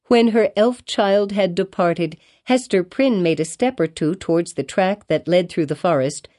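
A woman narrates a classic novel in a measured, steady audiobook reading. Her voice sits a little low and sounds dark and mellow. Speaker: audiobook reader.

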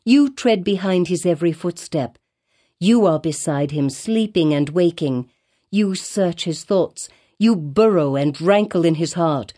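A woman's voice: fairly low pitch, a little slow, dark tone. A woman voicing a grave, sorrowful, resolute woman in a storybook, with a solemn and earnest delivery.

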